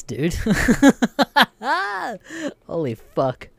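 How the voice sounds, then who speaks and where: A man's voice: a little high, lively intonation, normal speed, a little mellow, no echo, studio quality. A young Australian man hosting a podcast, telling a story casually with lots of swearing and laughter. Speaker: podcast host.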